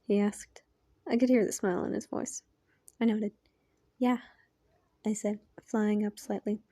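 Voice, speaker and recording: Quiet, half-whispering woman reading a story. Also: medium pitch, fairly even intonation, normal speed, no room sound. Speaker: fan fiction reader. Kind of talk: reading a fan story aloud.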